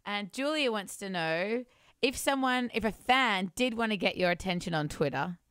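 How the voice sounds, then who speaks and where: A woman's voice: mid-range voice, animated, moderate pace, fairly bright tone, clean tone, no echo, studio quality. A woman hosting a radio interview, upbeat and teasing as she reads out listener questions. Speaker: radio host.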